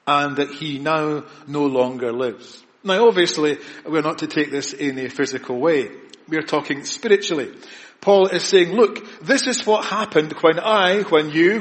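A man preaching a sermon, earnest and emphatic, with repetitions and pauses. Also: fairly high pitch, long reverb tail.

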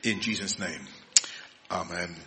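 A man leading a spoken prayer in a church service, calling on "Lord" at nearly every phrase in a steady rhythm. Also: low-pitched, measured pace. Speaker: worship leader. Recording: reverberant church hall.

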